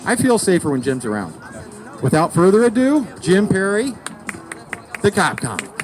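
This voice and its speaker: With faint music behind him, a man with a high, sing-song voice speaks at a moderate pace. He's the host of an outdoor comedy show under a city park tree, introducing the comedians with rambling jokes and tripping on their names.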